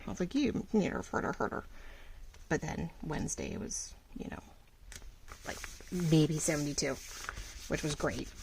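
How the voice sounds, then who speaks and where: A woman's voice: sits low, steady tone, moderate pace, creaky, long pauses, a little mellow, a little hiss or hum, poor audio. A woman vlogger chatting casually while she crafts, thinking aloud and restarting her sentences as she goes.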